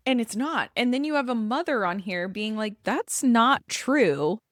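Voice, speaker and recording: A woman co-hosting a casual podcast as an embodiment coach, talking in emphatic bursts that slow down for deliberate phrasing. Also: on the high side, expressive, no echo, studio quality.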